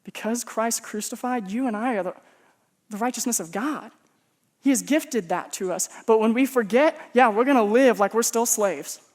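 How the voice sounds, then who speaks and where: A man's voice: very high-pitched, normal speed. A man from Texas preaching as a pastor, telling personal stories in a humorous, conversational, self-mocking way. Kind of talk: sermon with personal storytelling.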